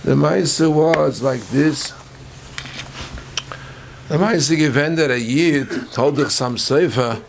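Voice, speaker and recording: Gravelly rabbi teaching a Talmud class. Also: male voice, mid-range voice, slight background noise. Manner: Yiddish-flavored English, quick back-and-forth with students, learned terms.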